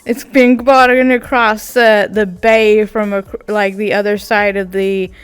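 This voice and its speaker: A woman's voice: mid-range voice, little pitch movement, takes it slowly, clean tone. Giggly rambling woman from England. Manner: giggly, tangent-prone, lots of fillers. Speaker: VTuber vlogger. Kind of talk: rambling casual vlog.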